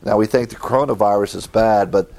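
A man's voice: lowish voice, fairly quick, vocal fry, a little mellow. A man preaching a sermon as pastor, acting out biblical characters with short quoted lines.

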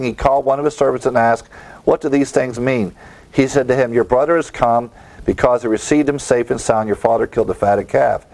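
A man preaching a sermon as pastor, reading scripture aloud with a lifted voice, commenting plainly and closing in prayer. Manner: reads scripture aloud with raised pitch, then comments plainly; ends with a spoken prayer.

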